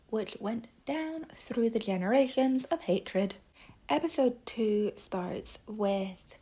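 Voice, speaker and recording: A young woman giving a casual video review, chatty and enthusiastic, with breathy whispered asides. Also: medium pitch, warm tone. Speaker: book and TV reviewer.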